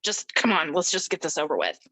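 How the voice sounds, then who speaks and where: A middle-aged woman telling her personal story as an interview guest, animated and acting out the voices of people she quotes. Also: low voice, a little fast, low-quality recording. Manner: animated, acts out quoted speech.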